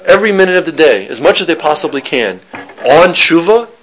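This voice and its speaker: A man with a fairly high-set voice teaches an informal Torah class. He talks in a loose, conversational way, restarting phrases and trading jokes with the people listening. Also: sing-song, brisk, a bit bright, poor audio.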